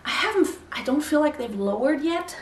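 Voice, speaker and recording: Slightly breathless woman chatting to her camera, higher voice, kinda roomy and far from the mic. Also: expressive, moderate pace, a little hiss or hum. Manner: chatty, candid, mildly breathless. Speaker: vlogger. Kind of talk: casual pregnancy update vlog. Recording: echoey room, voice from far off.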